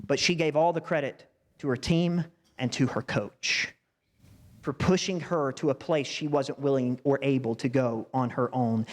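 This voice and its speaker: A man preaching a sermon in a church, talking to the congregation in a conversational way with asides like "wouldn't you say?". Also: fairly high pitch. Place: church sanctuary. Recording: reverberant church hall.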